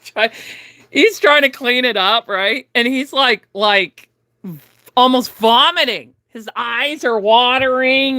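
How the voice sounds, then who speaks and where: A middle-aged woman hosting a livestream, telling a story to her chat in a casual, animated way, often laughing and acting out the people in it. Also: fairly high pitch, no room sound, studio quality. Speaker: livestream host.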